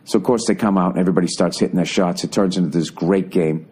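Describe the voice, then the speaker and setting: Husky man ranting with loud profanity. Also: sits low, fast talker. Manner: loud, exasperated storytelling with heavy swearing. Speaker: podcast host. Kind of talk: profane comedic rant.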